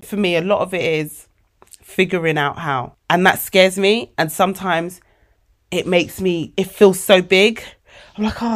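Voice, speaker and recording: A woman of forty, hosting a casual motivational podcast monologue, animated and emotional, calling her listeners babes. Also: lowish voice. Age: 40s. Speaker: podcast host.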